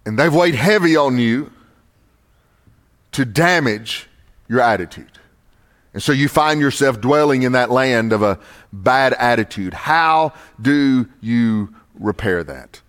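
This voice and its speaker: A pastor preaching a sermon, reading scripture slowly and building to emphatic stresses on key words. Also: male voice, medium pitch, expressive, a bit bright. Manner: slow, deliberate scripture reading.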